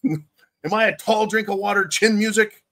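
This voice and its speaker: Rambling sarcastic man, slightly high voice. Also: moderate pace, fairly bright tone. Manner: rambling and sarcastic, with chuckles and mocking asides. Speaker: livestream show host reading viewer chat. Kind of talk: casual political commentary livestream.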